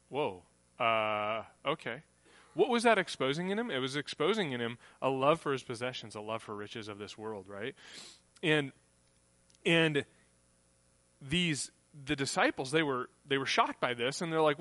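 Bright-voiced male preacher, dry close sound. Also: mid-range voice, expressive, brisk, no room sound. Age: adult, grew up on a farm family. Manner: conversational preaching, acts out quoted voices. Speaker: pastor. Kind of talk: sermon.

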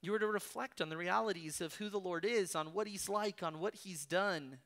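This preacher's voice, mid-pitched and a little bright, moves at a moderate pace through an expository sermon. He stresses his points firmly, exhorts the audience head-on, and relies on rhetorical questions to hammer them home.

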